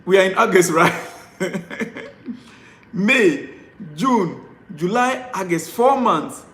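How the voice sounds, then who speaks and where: Male fan vlogger, high-pitched, ranting live and pleading over and over, recorded in an echoey room. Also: expressive, slow pace, pushed and bright. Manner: exasperated, repetitive pleading. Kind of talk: live-stream rant.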